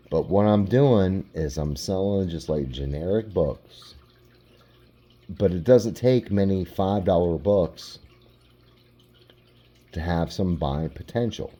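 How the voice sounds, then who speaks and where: A man with a very dark, low voice hosting a casual collecting vlog. He talks slowly and unhurriedly. His speech rambles and is peppered with "like". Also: muffled recording. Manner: relaxed, rambling, lots of "like". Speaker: comic book collector.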